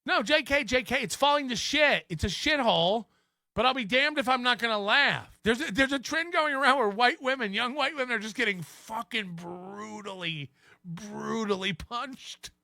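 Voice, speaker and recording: Male podcast host, high bright voice, sarcastic ranting commentary, laughs at himself. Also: moderate pace, gravelly, no room sound, clean studio sound. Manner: mocking, sarcastic, laughs at own remarks.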